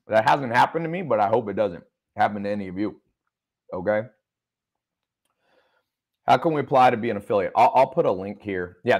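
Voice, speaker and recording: A man hosting a livestream, reading viewer comments and talking loosely with jokes. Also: fairly low pitch. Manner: loose, joking, reads chat comments aloud. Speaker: online business mentor. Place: studio with a sound engineer.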